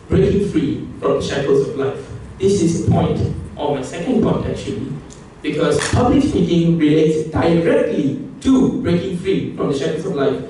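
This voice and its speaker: A young man with a high voice delivers a joking, emphatic contest speech, now and then breaking into excited high outbursts. He is caught from well back in a very echoey hall, with faint room ambience behind him. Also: far from the mic, slight background noise. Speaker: public speaking contestant. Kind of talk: competition speech. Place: competition hall.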